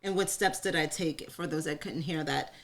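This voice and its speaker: A woman's voice: deep voice, moderate pace. A woman co-hosting a live talk in front of an audience, sharing her story openly and chattily, laughing often. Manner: open, chatty, laughs often, calls herself an oversharer. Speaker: co-host. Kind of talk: candid personal conversation.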